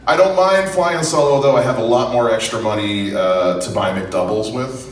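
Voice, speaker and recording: A man's voice: mid-range voice, normal speed, few pauses, recorded from a distance. A young man doing a profane, self-deprecating stand-up set on a comedy club stage. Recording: roomy club sound from afar, faint noise.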